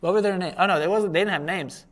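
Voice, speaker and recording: High-voiced crude comedy host. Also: male voice, quick pace. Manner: crude, rambling, bursts into laughs. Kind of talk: comedic commentary on photos.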